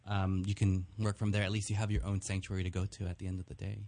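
A man speaking as a guest with a soothing, deep radio voice, calm and measured. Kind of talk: casual chat.

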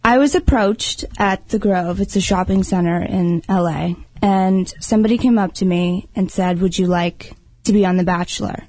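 A woman in casual talk, telling a lively story and calling her partner babe. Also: medium pitch, normal speed, poor audio. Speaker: guest. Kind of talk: casual chat.

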